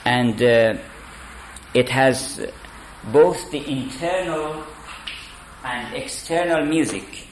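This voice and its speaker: Man, lecturing, slow and halting, roomy echo, faint hiss. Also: medium pitch. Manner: deliberate, halting, with many fillers. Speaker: lecturer on poetry. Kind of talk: spoken lecture. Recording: echoey room.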